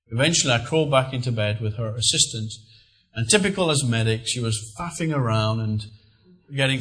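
A middle-aged man preaching a sermon, telling personal stories with earnest, lively emphasis. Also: mid-range voice, fast, rough recording.

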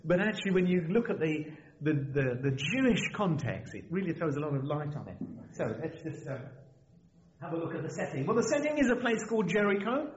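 Lively, animated male preacher, lo-fi. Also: fairly high pitch, fairly quick. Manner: lively, conversational preaching with frequent restarts. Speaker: visiting preacher. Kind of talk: sermon. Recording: dull lo-fi church recording with faint hiss.

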